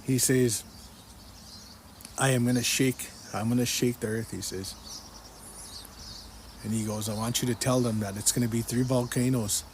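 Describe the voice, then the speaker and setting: Man, personal testimony, earnest retelling, repetitive, mid pitch, faint background noise. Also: fairly even intonation, moderate pace, pauses often. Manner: earnest, repetitive, quotes the speaker in the dream again and again. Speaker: person giving a religious testimony.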